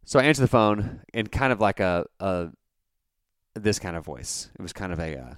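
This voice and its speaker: A middle-aged man hosting a podcast, telling a rambling, animated anecdote with lots of restarts. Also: deep voice, moderate pace, clear, resonant tone, dry recording, clean studio sound. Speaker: podcast host. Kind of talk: casual storytelling chat.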